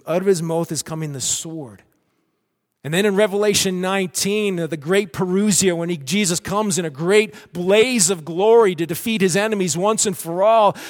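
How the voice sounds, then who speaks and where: A man preaching a sermon with animated delivery, acting out cheering crowds. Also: high-pitched, in a large hall.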